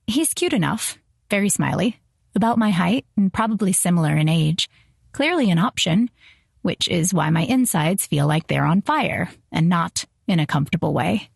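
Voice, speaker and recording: First-person romance audiobook narrator, woman, wry delivery, gravelly texture, dry booth sound. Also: on the low side, animated, normal speed, no echo.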